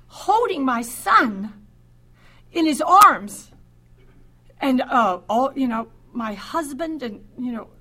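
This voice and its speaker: An older woman shares a personal story of faith in a high, bright voice. She speaks slowly and haltingly, often doubling back and repeating words before going on. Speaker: speaker giving a personal testimony.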